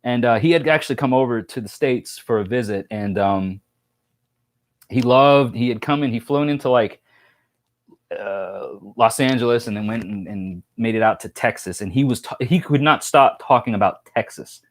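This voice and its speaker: A man's voice: mid-range voice, moderate pace. A man hosting a casual live stream, telling rambling stories and reading chat comments, with lots of fillers and restarts. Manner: rambling, chatty storytelling with many fillers and restarts.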